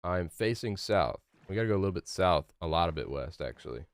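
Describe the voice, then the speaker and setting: A man's voice: deep voice, expressive, quick pace, no room sound. A young man live-streaming a game, chatting loosely with his chat, rambling and swearing casually. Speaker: gaming streamer.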